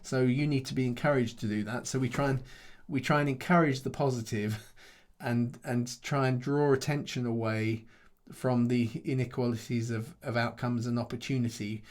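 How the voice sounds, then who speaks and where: A middle-aged man, a pastor answering questions after a teaching session in a halting, thoughtful way, restarting often and chuckling between points. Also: mid-range voice, steady tone.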